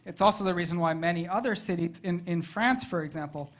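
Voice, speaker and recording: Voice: medium pitch, fast. A presenter speaks to a public advisory meeting in an easy, conversational way. The talk is loose and unscripted, and the presenter turns to the room with questions. The voice is recorded in a meeting room. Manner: conversational, asks the audience questions.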